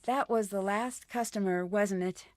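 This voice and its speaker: An actress as a calm young woman detective. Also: medium pitch, a little slow, natural voice. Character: young female amateur detective. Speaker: video game protagonist.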